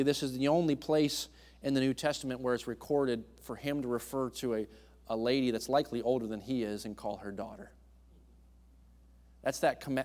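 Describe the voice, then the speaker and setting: A man preaching a sermon as a guest speaker. He swings between hushed, tender passages and loud, emphatic ones, often restarting and stumbling over words. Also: medium pitch.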